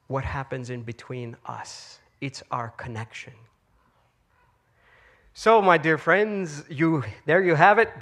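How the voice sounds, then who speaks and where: A man's voice: a little high, fairly bright tone. A man giving an inspirational talk to an audience, telling a story in a conversational way with frequent fillers. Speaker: speaker.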